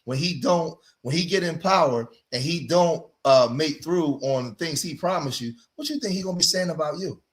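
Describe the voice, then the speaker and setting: A man's voice: on the high side, normal speed, hardly any pauses. A man hosting a livestream, delivering emphatic, preachy commentary, repeating himself and saying "man" often. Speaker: streamer and commentator.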